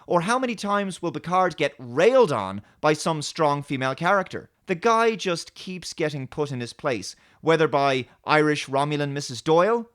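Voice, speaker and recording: A man hosting his own show, giving a sarcastic, animated review commentary. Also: on the high side, moderate pace, hardly any pauses. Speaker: host.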